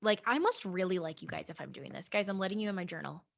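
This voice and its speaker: A young adult woman hosts a podcast in a lowish, expressive voice with vocal fry, talking quickly. She chats casually and frankly about goals and meditation, swearing now and then, restarting often and slipping in asides to her listeners.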